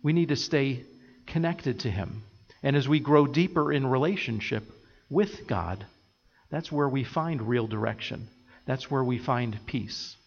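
A man's voice: mid-range voice, unhurried, gravelly, breathy edge. Man, pastor, earnest sermon, lingering hall reverb, slightly muffled sound. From United States. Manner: earnest, repeats phrases in lists. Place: church sanctuary.

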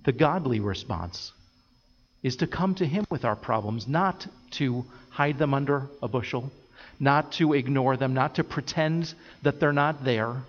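A man preaching a sermon as pastor, earnest and steady, building his points through repeated phrases. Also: mid-range voice, unhurried, big-room sound, dull audio. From United States. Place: church sanctuary.

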